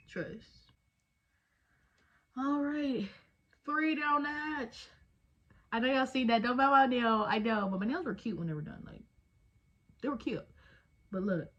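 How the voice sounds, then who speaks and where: A woman's voice: on the high side, animated, measured pace, long pauses, dull audio. A woman, chatting casually and jokingly at home while doing her makeup. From Texas. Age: 20s. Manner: chatty, slangy, jokey, with trailing fillers. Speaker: beauty vlogger. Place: home, indoors.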